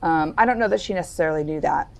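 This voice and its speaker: A middle-aged woman telling a personal story as a podcast guest, candid and deliberate. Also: vocal fry. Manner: candid, lowers her voice and speaks deliberately. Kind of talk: reflective interview storytelling.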